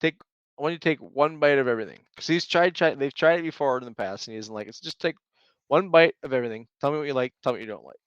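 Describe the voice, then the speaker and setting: Animated storytelling dad, dry close sound. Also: male voice, mid-range voice, very fast, smooth, no room sound, lo-fi sound. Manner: animated storyteller, acts out his kids' lines. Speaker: podcast co-host. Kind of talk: casual chat.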